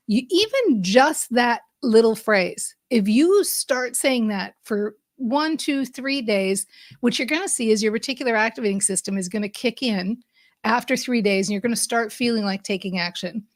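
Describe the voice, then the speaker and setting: A woman's voice: on the high side, dry recording, studio quality. Upbeat woman coaching on mindset. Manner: upbeat and emphatic, speeds up and slows down for effect. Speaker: podcast host and mindset coach. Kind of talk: motivational monologue.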